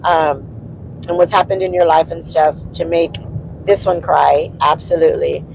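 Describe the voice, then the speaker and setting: A man's voice: a little high, steady tone, moderate pace, vocal fry, slight background noise, poor audio. A man co-hosting a casual chat, rambling with many fillers and laughing easily. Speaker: co-host, spouse of the host.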